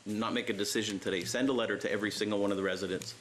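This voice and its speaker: A man's voice: fairly low pitch, fairly even intonation, very fast, slight background noise. A man, a city councillor, casually offering suggestions in a council debate. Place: council chamber.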